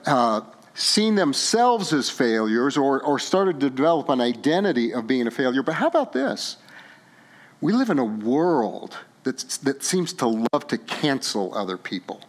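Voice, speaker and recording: Impassioned man preaching a sermon. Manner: impassioned, pleading rhetorical questions; emotional, voice sinking low on personal moments. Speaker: pastor.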